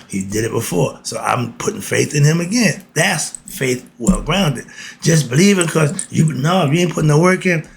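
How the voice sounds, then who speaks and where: A man's voice: on the high side, creaky, slight background noise. A man giving a casual spiritual talk, asking himself rhetorical questions and answering them. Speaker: spiritual teacher.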